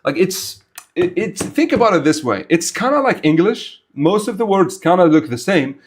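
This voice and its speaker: Animated young man streaming. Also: high voice, normal speed, husky. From Algeria. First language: Arabic. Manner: animated, rambling, blunt and informal. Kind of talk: casual livestream chat answering viewers.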